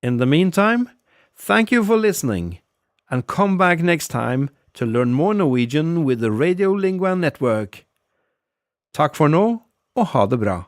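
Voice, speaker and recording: A man teaching a scripted audio language lesson, patiently repeating phrases slowly for learners. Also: fairly high pitch, big pitch swings, no echo, clean studio sound.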